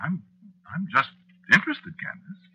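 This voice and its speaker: A man's voice: a little high, sing-song, normal speed, bright, forceful tone, husky, muffled recording, exaggerated voice. An actor playing a witch's ageless husband in a 1940s radio drama, telling his story reflectively and stammering when flustered. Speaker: narrator.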